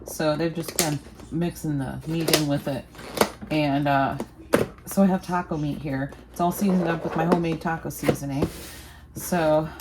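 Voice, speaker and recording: A woman's voice: low voice, steady tone, normal speed, very noisy. A middle-aged woman vlogging in a casual, rambling way, laughing often. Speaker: lifestyle vlogger. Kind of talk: casual chatty vlog.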